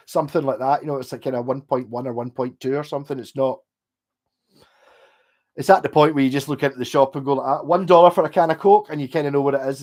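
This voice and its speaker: A man's voice: medium pitch, darkish tone. A man chatting casually on a livestream, rambling and swearing freely. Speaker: livestream host.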